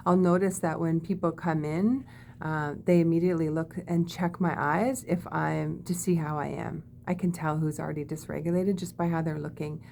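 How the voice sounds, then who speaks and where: A woman teaching body-calming techniques in a gentle, demonstrative way, often checking in with "okay?". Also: deep voice, moderate pace, vocal fry, slight background noise. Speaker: wellness teacher. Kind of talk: guided body-calming lesson.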